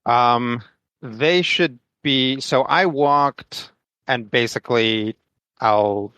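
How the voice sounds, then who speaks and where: A man playing in a tabletop game, talking in a hesitant, halting way with many fillers. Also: medium pitch, sharp tone, smooth, dry recording. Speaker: player.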